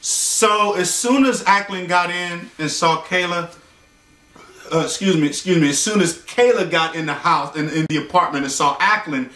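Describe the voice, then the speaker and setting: A man telling a bedtime story in a casual, animated, slangy way, with joking asides. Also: high-pitched, normal speed. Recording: echoey room, voice far from mic.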